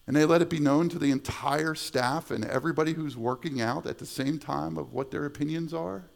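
A man's voice: on the high side, steady tone, brisk, gravelly. A middle-aged male pastor preaching a sermon in a conversational way, repeating words and adding asides. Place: church sanctuary.

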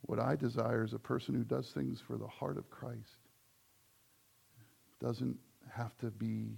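A man's voice: medium pitch, creaky, dark tone, husky. A man preaching a sermon as the church's pastor, in a conversational style that builds to emphatic points.

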